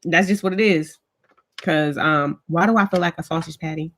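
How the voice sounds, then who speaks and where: A woman with a low-sitting, slightly bright voice talks at a moderate pace during a home live stream. As a vlogger, she tells chatty stories to her viewers and greets commenters by name.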